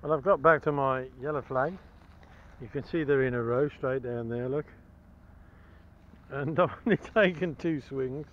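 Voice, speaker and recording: A man's voice: mid-range voice, a little slow, muffled recording. A man chatting cheerfully to the camera as he metal-detects outdoors, chuckling and enthusiastic about each find. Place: outdoors in a field.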